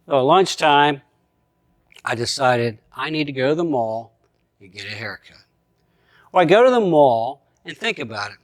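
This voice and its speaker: A middle-aged male pastor preaching with a fairly high voice, telling a story and acting out his inner thoughts with animation. The sound is dry and close, with no room echo at all. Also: normal speed. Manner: animated storyteller who acts out his own thoughts, chuckling at times. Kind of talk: sermon storytelling.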